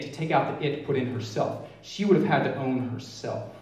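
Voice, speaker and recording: A middle-aged man giving an energetic, emphatic presentation as a featured speaker, stretching out key words for effect. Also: mid-range voice, moderate pace, slight background noise. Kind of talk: live motivational presentation. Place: large event hall. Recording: echoey hall from far off.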